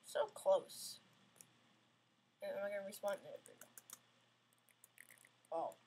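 A woman's voice: medium pitch, slow, dark tone, a little hiss or hum. A woman giving casual, self-mocking gameplay commentary, getting frustrated and talking back at the game. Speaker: gamer playing an obstacle course game.

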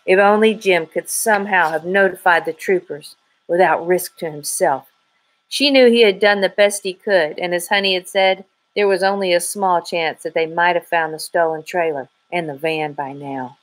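A woman reading a children's mystery novel aloud in an even, measured way. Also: fairly low pitch, low-quality recording. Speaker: audiobook reader. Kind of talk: storybook narration.

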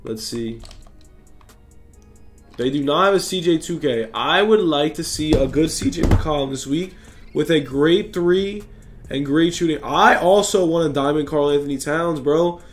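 A man's voice: a little high, unhurried, faint music behind. Casual young man reading game stats. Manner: rambling, reads stat lines aloud, self-correcting. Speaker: gaming YouTuber. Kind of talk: casual commentary.

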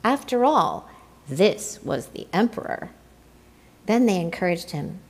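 A woman reading a children's picture book aloud in an expressive, playful way. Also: medium pitch, measured pace. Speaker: storyteller. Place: church.

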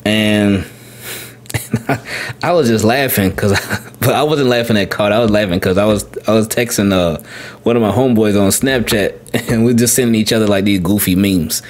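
Casual lowish-voiced man telling a story. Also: normal speed. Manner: rambling, repeats words, animated when quoting his son. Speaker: podcast host.

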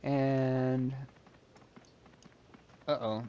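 Male game streamer, casual, rambling, swears a lot, thinks out loud. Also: medium pitch, flat delivery, drawn-out words, lo-fi sound, a little hiss or hum. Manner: rambling, swears freely, talks to himself. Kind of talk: casual gameplay commentary.

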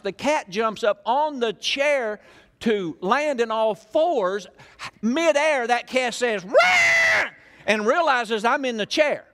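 A man's voice: sits high, fairly bright tone. An older man, preaching a sermon in a church in a folksy storytelling way full of questions to the crowd. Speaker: pastor.

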